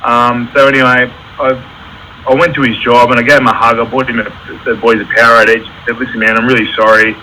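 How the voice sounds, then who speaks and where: Aussie electrician guy, bright voice, chatty and candid, bit of faint noise behind. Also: mid-range voice, level tone, brisk, poor audio. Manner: candid, storytelling with reenacted quotes. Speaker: electrical contractor, guest. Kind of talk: casual interview talk.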